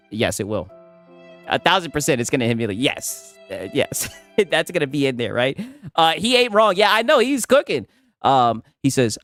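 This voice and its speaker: A man reacting to posts on a casual stream, animated and laughing, with "right?" after many lines. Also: on the high side, normal speed, faint music behind.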